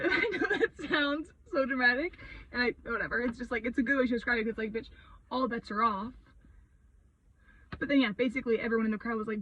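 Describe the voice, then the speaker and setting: A young woman vlogger ranting a story in a heated, sweary, expressive way, full of fillers. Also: on the high side, quick pace, distant mic, lo-fi sound, slight background noise.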